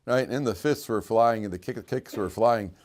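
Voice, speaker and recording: A man's voice: fairly low pitch, moderate pace, darkish tone. A man teaching a class as a rabbi, repeating his key lines for emphasis and telling stories. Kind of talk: classroom lecture. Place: classroom with students.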